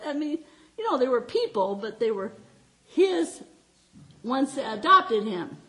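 High-voiced woman preaching with heartfelt stories. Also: a little slow. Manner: heartfelt, animated storytelling with frequent laughs. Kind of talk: sermon with personal stories.

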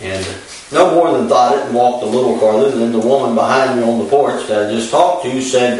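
Folksy preacher telling a story. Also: male voice, mid-range voice, a little mellow, a little hiss or hum. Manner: folksy, unhurried storytelling with many fillers. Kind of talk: storytelling sermon. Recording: echoey, far from the mic.

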